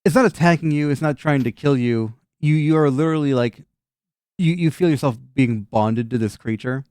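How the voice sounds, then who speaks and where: A man's voice: mid-range voice, moderate pace, a little mellow, clear, resonant tone, no echo, clean studio sound. A man narrating a tabletop game as game master, casual and joking, with lots of swearing and fillers. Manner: casual, laughing, swears often, many fillers.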